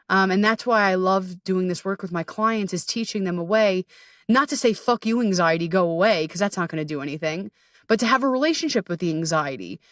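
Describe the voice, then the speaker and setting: A woman's voice: medium pitch, no echo, studio quality, distant mic. A woman hosting a podcast as a coach, talking candidly and self-deprecatingly, swearing freely and laughing often.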